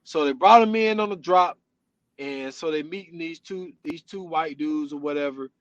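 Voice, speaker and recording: High-voiced man animatedly retelling a story. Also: moderate pace, no room sound, lo-fi sound. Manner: animated storytelling, often says "you know what I'm saying". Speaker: podcast host. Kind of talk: casual chat.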